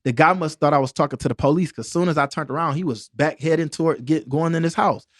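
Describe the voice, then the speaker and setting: A man's voice: a little high, fast talker, no echo, studio quality. A man from Detroit, a door-to-door salesman and podcast guest, telling stories in a jokey, streetwise way with constant "you know what I mean" asides. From Detroit, USA. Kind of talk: animated storytelling in casual conversation. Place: podcast studio.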